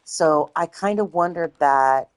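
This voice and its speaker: A woman streamer chatting casually and rambling, swearing freely, her voice slightly hoarse. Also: low voice, slow pace, dry recording. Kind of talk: casual chat.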